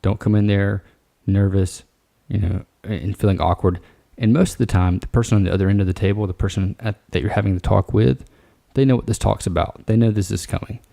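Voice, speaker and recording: A man hosts a solo advice podcast, speaking low with a gravelly edge. His tone is mellow and relaxed, direct and coaching rather than formal. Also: a little fast. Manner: casual, direct, coaching tone with frequent "all right". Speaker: podcast host.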